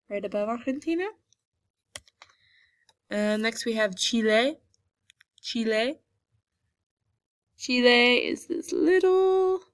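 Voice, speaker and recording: A woman's voice: medium pitch, no room sound. Young teacher lady going over a map, says each name twice, dead dry close sound. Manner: slow, repeats each name for pronunciation. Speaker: Spanish teacher. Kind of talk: geography lesson over a map.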